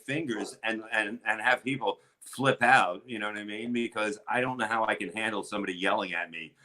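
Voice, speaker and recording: A middle-aged man, a comedian, telling crude stories in a rambling, animated way with lots of restarts. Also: fairly low pitch, fairly quick, low-quality recording. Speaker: comedian guest. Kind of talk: casual storytelling chat.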